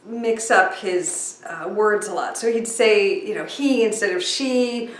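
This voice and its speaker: A middle-aged woman talking casually about breathing and slowing down, with lots of fillers and asides. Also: medium pitch. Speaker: speaker sharing breathing tips. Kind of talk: casual storytelling talk. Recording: echoey room, mic at a distance.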